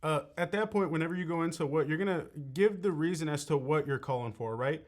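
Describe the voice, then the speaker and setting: A man's voice: on the high side, fast. A young man giving a sales training lesson in a conversational way, often checking in with "right?". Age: young adult. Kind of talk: coaching talk.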